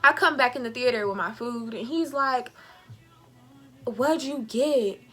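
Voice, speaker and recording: A woman vlogger retelling a bad date in a casual storytime, animated and sassy, acting out the dialogue. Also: on the high side, brisk. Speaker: beauty vlogger.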